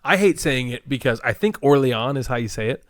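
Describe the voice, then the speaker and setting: A man's voice: mid-range voice, lively intonation, a little fast, no echo, studio quality. A man co-hosting a casual podcast, chatting playfully and laughing at himself while unsure of his words. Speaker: podcast co-host. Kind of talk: casual chat.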